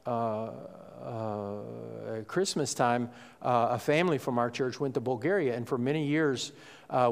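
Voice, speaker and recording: A man preaches from the pulpit in a relaxed, conversational way, checking in with the congregation and pausing on small fillers. His voice sits at an ordinary middle pitch, and the sanctuary gives it a long reverberant tail. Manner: conversational preaching, frequent "okay?" and "uh" asides. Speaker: pastor. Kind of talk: sermon.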